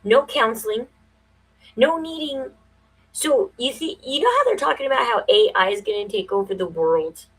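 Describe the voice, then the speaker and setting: A woman in her forties hosting a casual livestream, thinking aloud with many fillers and breaking into quick, emphatic, conspiratorial bursts. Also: on the high side, animated, breathy edge, rough recording. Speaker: livestream host.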